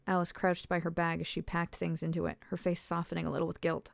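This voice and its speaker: A woman author reads her own story aloud at a steady, measured pace. Her voice sits low with a gravelly fry, and the sound is close and dry with no room around it. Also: no echo. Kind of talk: storybook narration.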